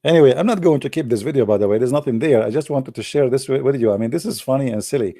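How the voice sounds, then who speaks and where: Vlogger, male, from the Arab world; teasing, mellow, dry sound. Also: mid-range voice, racing, dry recording. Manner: teasing, chuckling asides. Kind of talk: casual joking commentary.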